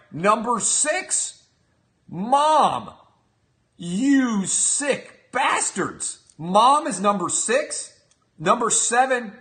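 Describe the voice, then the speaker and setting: A man's voice: mid-range voice, bright, forceful tone. A middle-aged man hosting a show, delivering a mocking, incredulous comedic rant to his audience. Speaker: show host. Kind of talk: comedic monologue.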